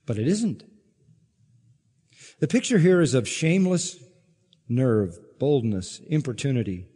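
A man preaching an expository sermon, emphatic, swinging from loud exclaims to low asides and asking the congregation questions. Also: expressive, a little slow, breathy edge, long reverb tail. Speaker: pastor.

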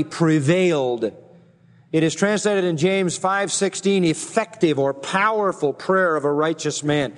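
A man's voice: on the high side, long reverb tail. A man preaching an expository sermon as pastor, emphatic, his voice climbing on key phrases.

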